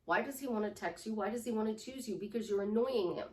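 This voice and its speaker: A middle-aged woman life coach giving a lively coaching talk, acting out affirmations in shifting tones. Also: medium pitch, fast talker. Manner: animated, acts out affirmations in different tones. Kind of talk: coaching monologue. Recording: roomy sound from a distant mic.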